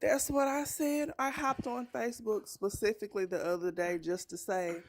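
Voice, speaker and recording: A woman's voice: medium pitch, fairly even intonation, moderate pace, few pauses, dry recording. A woman joining a call-in show and speaking in a sarcastic, mocking way. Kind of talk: casual political chat.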